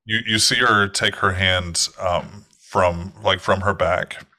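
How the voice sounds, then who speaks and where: A man's voice: low-pitched, steady tone, slow, bright, forceful tone. A man narrating as game master of a tabletop game, in loose, rambling storytelling with fillers.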